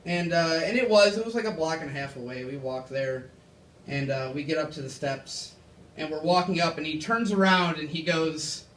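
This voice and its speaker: A man's voice: a little high, animated, measured pace, a bit bright. Young man, stand-up comic, self-deprecating, rambling, echoey room, distant mic. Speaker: stand-up comedian. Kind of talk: stand-up comedy set. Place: comedy club stage. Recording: echoey club from far off. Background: audience laughter.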